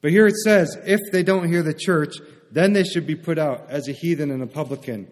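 A man preaching in a relaxed, conversational way, with a voice that sits a little high for a man. He often pauses to ask his listeners "right?". His voice rings out into a long hall reverb. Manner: conversational, asks the congregation "right?". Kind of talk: sermon.

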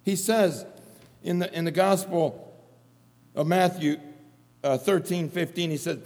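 A man's voice: sits high, measured pace, long pauses, darkish tone. A man preaching an earnest sermon, repeating phrases for emphasis. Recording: long hall reverb.

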